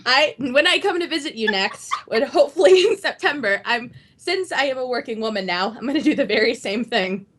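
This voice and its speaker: Sassy woman with a bright-ish high voice. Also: animated, brisk, hardly any pauses, a little hiss or hum. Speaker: guest on a call. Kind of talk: casual group chat on a livestream.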